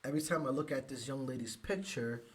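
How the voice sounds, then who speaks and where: A man from the United States hosting a live podcast, speaking emotionally with halting restarts and sighs. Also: medium pitch. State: emotional, close to tears. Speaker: podcast host.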